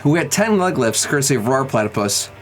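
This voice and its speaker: In a sing-song, mid-range voice that runs a little fast, a young streamer plays around with his chat and counts off workout reps. Faint music plays behind him, and the audio is poor.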